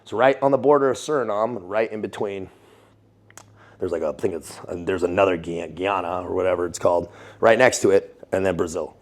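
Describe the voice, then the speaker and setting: An American man in a casual interview, telling military stories in an animated, profane way, laughing often and calling the listener dude. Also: low voice, fairly quick. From United States. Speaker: guest, former Navy SEAL and Foreign Legionnaire.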